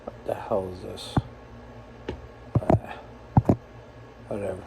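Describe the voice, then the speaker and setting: Slow, profane, ranting trucker man. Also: low-pitched, flat delivery, vocal fry, very noisy. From United States. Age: 40s. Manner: profane, angry, rambling. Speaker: truck driver. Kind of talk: ranting self-filmed vlog.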